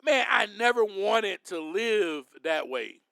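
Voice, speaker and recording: An emphatic man hosts a faith podcast and talks straight to his listeners as friends, breaking into sudden loud bursts. His voice sits high and bright, and he delivers it slowly. The sound is close and dry. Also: very animated, gravelly, dry recording. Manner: addresses listeners directly as friends. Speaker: podcast host. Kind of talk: faith-based podcast monologue.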